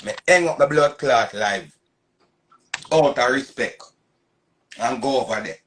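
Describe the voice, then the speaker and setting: A man's voice: mid-range voice, a little slow, a bit bright, a little hiss or hum. A man in his thirties with a Jamaican Patois accent, ranting on a casual live stream in an emphatic, repetitive, boastful way. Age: 30s.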